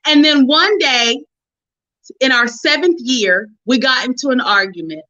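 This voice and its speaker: A middle-aged woman hosts a relationship call, talking in a lively, preachy testimony style and calling her listeners honey and sis. Her voice is high and bright. The sound is dull and lo-fi, like a call line. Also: measured pace. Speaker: host of a relationship forum.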